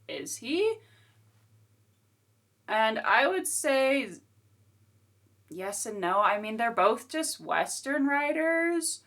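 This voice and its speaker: Low bright woman talking about a book, chatty and giggly. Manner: chatty, giggly and self-deprecating. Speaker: book reviewer. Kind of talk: casual book review vlog.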